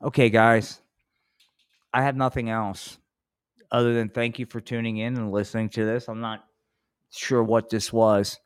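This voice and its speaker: A man's voice: mid-range voice, level tone, measured pace, long pauses, smooth, no echo, clean studio sound. A man hosting a live comedy podcast, rambling and laid-back with lots of swearing. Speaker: podcast host. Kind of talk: casual live podcast chat.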